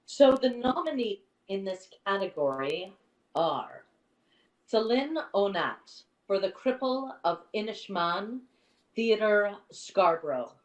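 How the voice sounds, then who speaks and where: A woman's voice: medium pitch, sing-song, slow pace. A woman presenting theatre awards as the adjudicator, effusive and full of praise as she introduces each nominee. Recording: echoey room, far from the mic.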